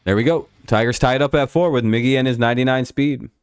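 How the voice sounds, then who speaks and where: A man streaming live, chatting casually about a baseball game, excitable, swearing freely and bantering with his chat. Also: mid-range voice, fast, clean tone, no room sound, clean studio sound, soft background music.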